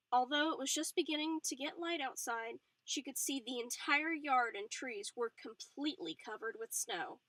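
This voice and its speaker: A woman narrating a novel aloud in an expressive way, with small slips and restarts. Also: high-pitched, no room sound, low-quality recording. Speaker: audiobook reader. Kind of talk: storybook narration.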